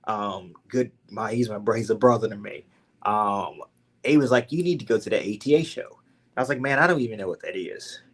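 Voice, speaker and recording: A man's voice: on the low side, brisk, a bit bright. A young man from Louisiana with a Southern accent, a podcast guest telling his story casually and animatedly, full of "like" and "man". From Louisiana, USA.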